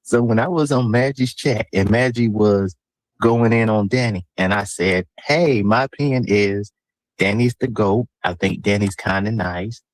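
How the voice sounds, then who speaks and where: A man explaining himself on a livestream, insistent and repetitive when others talk over him. His voice is on the low side. The sound is close and dry. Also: measured pace, dry recording, poor audio. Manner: insistent, repeats himself to get a word in. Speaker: livestream guest. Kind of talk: casual livestream chat.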